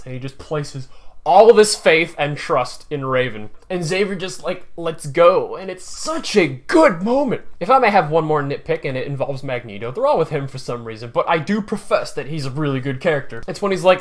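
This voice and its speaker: A man giving a casual, excitable movie review, packed with "like" fillers and acted-out scenes. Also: fairly high pitch, normal speed.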